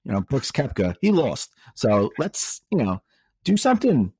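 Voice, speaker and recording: A man's voice: medium pitch, big pitch swings, a little slow, dark tone, slightly rough, no echo. A man co-hosting a podcast, talking casually and filling his sentences with "like" and "you know.". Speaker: podcast co-host. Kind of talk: casual chat.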